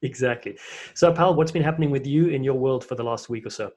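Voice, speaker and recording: Fast-talking South African man hosting. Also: mid-range voice, darkish tone. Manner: chatty storyteller with frequent fillers. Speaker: podcast host and rugby commentator. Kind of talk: casual podcast chat.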